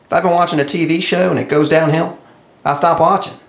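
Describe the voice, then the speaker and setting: A man's voice: on the high side, steady tone, drawn-out words, gravelly, roomy sound, voice pushed up, exaggerated voice. A man voicing an indignant male sports fan commenter in a silly put-on accent. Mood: fed-up.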